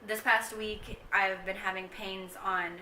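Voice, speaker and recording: Young woman vlogger, casual rambling chat, bright tone, roomy distant camera sound. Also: mid-range voice, little pitch movement, unhurried, a little hiss or hum. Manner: chatty, rambling with frequent ums. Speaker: vlogger giving a pregnancy update. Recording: echoey room, mic set back.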